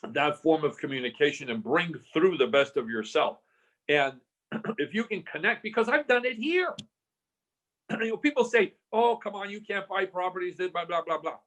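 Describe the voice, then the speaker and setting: A man in his sixties, a real estate investor guest, telling stories animatedly in a casual interview and acting out the dialogue. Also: fairly high pitch. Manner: animated storyteller, acts out dialogue.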